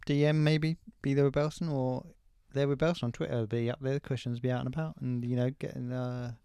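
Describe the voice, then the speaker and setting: A man co-hosting a podcast, chatting casually and teasing his co-host with deadpan asides. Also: medium pitch, fairly quick, clear, resonant tone, no echo. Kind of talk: casual banter.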